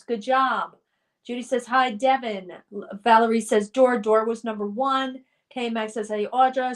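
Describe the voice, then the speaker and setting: High-voiced woman hosting a live stream, slow-paced. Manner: reads viewer comments aloud, chatty and upbeat. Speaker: livestream host. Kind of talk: casual chat reading live comments.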